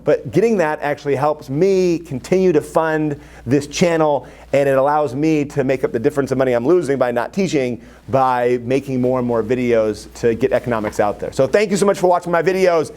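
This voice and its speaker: A man teaching economics to a high school class in an energetic, enthusiastic, joking way. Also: a little fast, few pauses.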